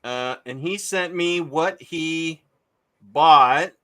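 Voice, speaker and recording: A man's voice: a little high, very slow, fairly bright tone. A man hosting a casual livestream, rambling and reading chat comments aloud with lots of filler. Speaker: livestream host.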